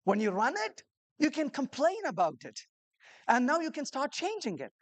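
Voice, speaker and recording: Lively, high-voiced woman giving a talk. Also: normal speed. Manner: animated storyteller who acts out conversations; rhetorical questions to the audience. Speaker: conference speaker. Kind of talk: live conference talk to a room of developers.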